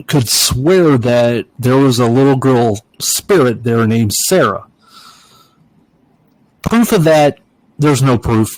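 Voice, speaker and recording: A man's voice: medium pitch, no room sound, poor audio. A middle-aged man co-hosting a podcast, telling a ghost story in a rambling, casual way, with a stuffed-up nose. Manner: rambling storyteller, acts out voices and giggles. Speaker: podcast co-host.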